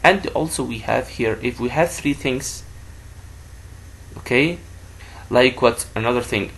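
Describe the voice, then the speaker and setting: A man teaching a grammar lesson to children, who repeats words slowly for a pupil to say back. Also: mid-range voice, creaky, fairly bright tone, slightly rough.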